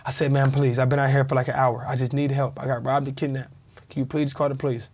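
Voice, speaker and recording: A man's voice: medium pitch, fast. A man in his thirties, a former pro football player, telling a story in a casual interview and acting out the people in it. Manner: animated storyteller, acts out quoted voices.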